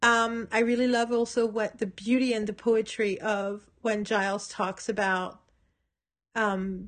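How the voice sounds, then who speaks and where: A woman hosting a solo podcast, thinking aloud in a casual, hesitant way with frequent fillers and restarts, amused by what she discusses. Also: medium pitch. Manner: amused, laughs between points. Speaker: podcast host reviewing a TV episode. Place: at home by her computer.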